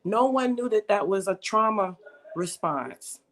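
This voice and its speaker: A woman's voice: medium pitch, lively intonation, unhurried, fairly bright tone. A woman telling her personal faith testimony in a casual conversation, emotional and storytelling, acting out quoted voices. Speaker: guest.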